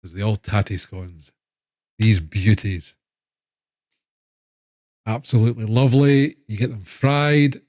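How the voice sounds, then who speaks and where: A man's voice: mid-range voice, a little mellow, no room sound, clean studio sound. A man with a Scottish accent, chatting casually and rambling on a live stream. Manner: chatty, rambling, self-interrupting.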